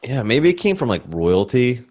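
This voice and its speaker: A man's voice: mid-range voice, very animated, moderate pace, darkish tone. A young man from Baltimore with a Baltimore accent, co-hosting a podcast in a laid-back, blunt chat full of "like". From Baltimore, Maryland. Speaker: podcast co-host. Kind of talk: casual chat.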